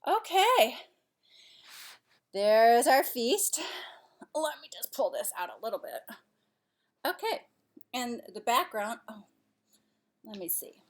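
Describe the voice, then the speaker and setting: A woman's voice: on the high side, big pitch swings, measured pace, gravelly, long pauses, slightly rough. Chatty woman vlogger eating at home. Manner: chatty, rambling, trailing off and restarting. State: out of breath. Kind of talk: casual chat to camera while eating. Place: her home, kitchen and living room couch.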